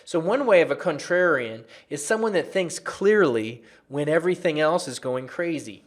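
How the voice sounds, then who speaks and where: Energetic man teaching a chart lesson. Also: a little high, moderate pace. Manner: energetic, conversational, repeats for emphasis. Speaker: trading educator.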